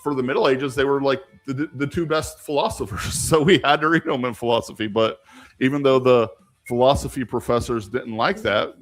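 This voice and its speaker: A young man from rural southern Ohio hosts a casual livestream Q&A from a home room with icons on the wall, answering viewer questions. His mid-range, fairly bright voice rambles and turns argumentative, with many restarts.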